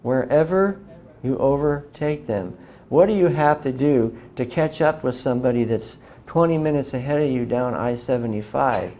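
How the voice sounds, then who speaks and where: Man, middle-aged, live lecture, emphatic, rhetorical questions, mellow tone, faint background hiss. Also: medium pitch. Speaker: speaker lecturing on religion.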